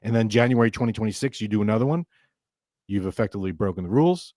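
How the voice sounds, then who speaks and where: A middle-aged man with a fairly low voice hosts a financial radio talk show. He explains things casually, restarts his sentences and throws in emphatic asides. The sound is close and dry. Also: animated, fast talker, dark tone, no echo. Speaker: financial advisor and podcast host.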